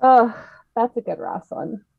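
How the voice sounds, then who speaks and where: A woman's voice: on the high side, huge pitch swings, a little slow, gravelly, husky, no echo. A woman co-hosts a podcast in easy, casual chat. She talks in a chatty, giggly way and quizzes her co-host. Her voice comes through a dull, lo-fi mic in a dry space.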